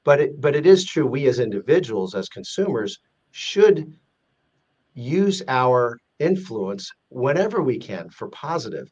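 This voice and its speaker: A man speaks as a podcast guest. His pitch is middle-of-the-road and his delivery is earnest and measured, often circling back to restart a sentence. The sound comes through a dull, lo-fi remote connection. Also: sing-song, darkish tone, slightly rough. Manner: earnest, measured, explaining step by step with frequent restarts. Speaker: guest, president of an advocacy group. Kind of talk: podcast interview.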